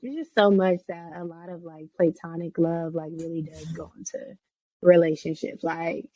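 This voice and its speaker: A woman's voice: fairly low pitch, fairly even intonation, normal speed, warm tone, no room sound. Reflective woman co-host, dull sound. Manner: rambling, reflective, laughs easily. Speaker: podcast co-host. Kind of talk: casual chat.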